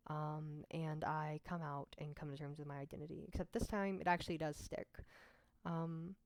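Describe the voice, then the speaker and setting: A young woman from Mississippi speaks straight to camera, telling her own story in a candid, frank manner. Her voice sits a little low for a woman and sounds dry and close, with no room echo. She keeps it conversational and throws in self-deprecating asides. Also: level tone, moderate pace. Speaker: vlogger.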